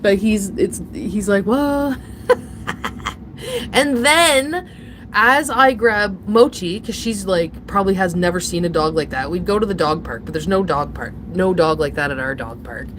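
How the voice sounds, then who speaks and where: A woman hosting a casual chat, rambling through a story with frequent laughter and sudden high, emotional bursts. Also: a little slow, a little hiss or hum. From Ontario, Canada. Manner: rambling, animated, laughs often, breaks into emotional high pitch. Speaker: channel host.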